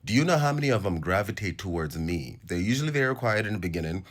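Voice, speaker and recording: Deep-voiced Nigerian man preaching to camera. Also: quick pace. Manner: animated, preachy, laughing asides. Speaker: host. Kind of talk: casual monologue to camera.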